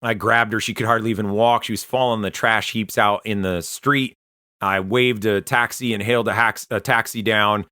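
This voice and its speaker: Earnest man telling a bright personal testimony. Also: fairly low pitch, fairly even intonation, dry recording, clean studio sound. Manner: earnest, conversational, halting retelling. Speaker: Christian testimony speaker.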